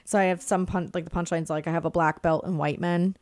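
A woman's voice: on the low side, fairly even intonation, fast, a little mellow. A woman comedian, a podcast guest, telling stories in casual chat and laughing through them.

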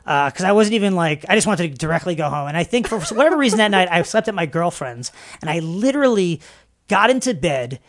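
A man, a comedian guest telling stories in a casual interview, animated and laughing often. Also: high voice, quick pace. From Long Island, New York. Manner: animated storytelling, laughs often, many fillers and restarts. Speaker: podcast guest, stand-up comedian.

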